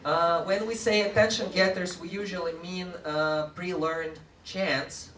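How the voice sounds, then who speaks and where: A man presenting a workshop to teachers with lively energy, leading a live audience through group chants. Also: sits high, measured pace. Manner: animated, often laughing, leads group chants. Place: large room with a live audience. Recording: echoey room, far from mic, audience noise.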